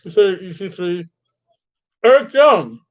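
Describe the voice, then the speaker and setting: A man's voice: sits high, very animated, a little slow, muffled recording. A man hosting a wrestling review podcast, chatting casually and thinking aloud, often restarting his sentences. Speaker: podcast host.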